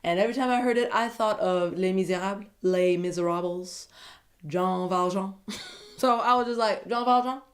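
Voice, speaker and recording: A woman recapping a reality dating show in a casual, chatty way, animated and gossipy, often breaking into giggles. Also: lowish voice, moderate pace.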